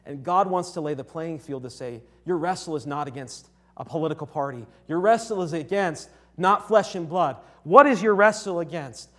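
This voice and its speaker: A man's voice: on the high side, expressive, normal speed, hardly any pauses, fairly bright tone. A young man from Connecticut preaching a sermon in an earnest, conversational way, often restarting his sentences and checking in with his listeners. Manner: earnest, conversational, with frequent restarts and rhetorical "right?".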